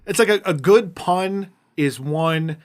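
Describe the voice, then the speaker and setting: A man's voice: fairly high pitch, takes it slowly. A man co-hosting a podcast in casual chat, dry and wry, joking through long lists. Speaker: podcast co-host.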